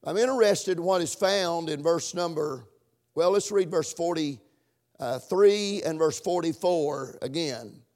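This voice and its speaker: A man preaching a sermon and praying, halting with fillers, stretching key words and rising in pitch for emphasis. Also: darkish tone. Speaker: pastor.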